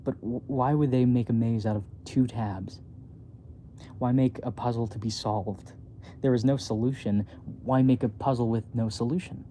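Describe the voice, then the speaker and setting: A man reading his own book aloud as a bedtime story, softly and haltingly, with small slips. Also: medium pitch, fairly even intonation, a little hiss or hum.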